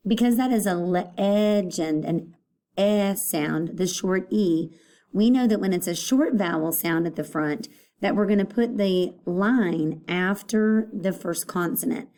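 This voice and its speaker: A woman's voice: mid-range voice, unhurried, warm tone. A woman teaching an elementary phonics lesson, patiently saying each word aloud and repeating it for young children.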